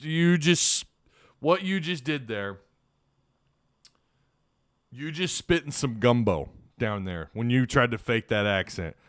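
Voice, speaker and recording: A man's voice: medium pitch, a bit bright, clean tone, dry recording, clean studio sound. A man hosting a casual live-stream sports talk show, rambling and opinionated, with frequent restarts. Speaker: sports podcast host.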